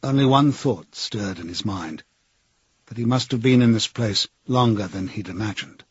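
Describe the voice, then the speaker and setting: A man narrating a novel as an audiobook in a measured, grave way. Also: lowish voice, slightly rough, dry recording, lo-fi sound.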